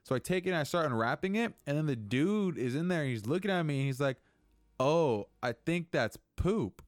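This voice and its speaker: A man's voice: on the high side, animated, fast talker, no echo, studio quality. A young man hosting a casual solo podcast, rambling and venting with lots of swearing. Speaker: podcast host.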